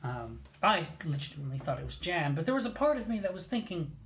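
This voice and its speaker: A host recounting a mishap in a loose, casual way. He is animated and self-mocking, and he slips into the voices of the people in his story. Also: medium pitch, quick pace, slight background noise. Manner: animated, self-mocking, acts out quoted lines. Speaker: podcast host telling a story.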